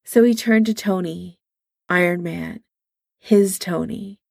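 A woman reading a story aloud in a soft, intimate way, only lightly changing her voice for the dialogue. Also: fairly low pitch, slow pace, creaky, no room sound, clean studio sound. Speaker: reader. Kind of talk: audiobook-style story reading.

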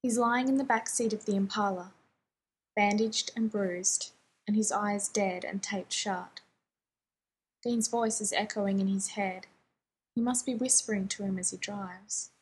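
A woman narrating a fan fiction story in a hushed, intimate and even manner. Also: mid-range voice, a little slow, breathy edge, rough recording.

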